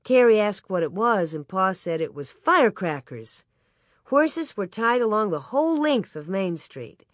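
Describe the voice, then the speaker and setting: Calm audiobook narrator, dry close sound. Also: mid-range voice, unhurried, no room sound. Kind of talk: storybook narration.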